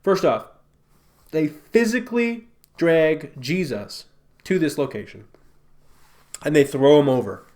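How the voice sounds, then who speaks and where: A man's voice: a little high, expressive, slow, pauses often, darkish tone. Man teaching the Bible conversationally. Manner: conversational, emphatic, asks rhetorical questions.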